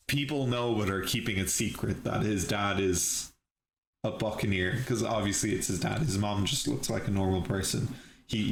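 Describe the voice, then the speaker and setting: A low-voiced man hosts a live reaction, thinking aloud as he recaps. He restarts sentences often and breaks into laughs. The sound is roomy and echoey, with a faint hiss underneath. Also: creaky. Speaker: channel host reviewing episodes.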